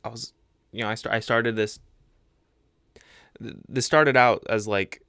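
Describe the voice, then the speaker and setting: A young man hosting casual reaction commentary, joking and animated, often restarting his phrases. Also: on the low side, unhurried, creaky, clear, resonant tone, dry recording, studio quality. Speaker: reaction channel host. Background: faint background music.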